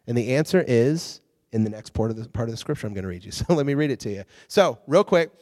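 A man casually teaching a Bible story as a preacher, animated and chatty, often restarting and checking in with his listeners. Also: medium pitch, fast. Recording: long reverb in a large hall.

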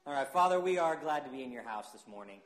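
A male pastor, preaching a sermon and reading scripture in an earnest, unhurried way, with hesitant fillers. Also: mid-range voice, lively intonation. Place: church sanctuary. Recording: echoey church sanctuary.

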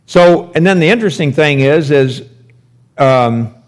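Slow-talking man teaching scripture. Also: on the high side, animated. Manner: slow, conversational, thinks aloud with rhetorical questions. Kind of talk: verse-by-verse Bible teaching.

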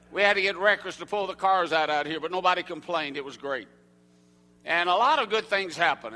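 A man's voice: sits high, pushed and bright, big-room sound. An older man with a Southern American accent, preaching a folksy sermon to a church congregation and asking them questions. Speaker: evangelist. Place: church sanctuary.

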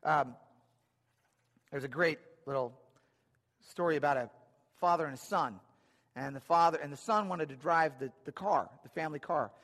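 Male pastor, slightly higher voice, chatty storytelling sermon with dry wit. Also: normal speed, pauses often, a bit bright. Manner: conversational storytelling, dry humor. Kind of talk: sermon with personal stories. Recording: long hall reverb.

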